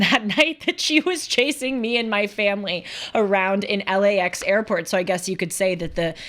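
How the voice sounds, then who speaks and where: A woman's voice: lowish voice, a bit bright. Chatty woman hosting a live talk show. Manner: chatty, opinionated, quick asides. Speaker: show host. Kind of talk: casual live show commentary.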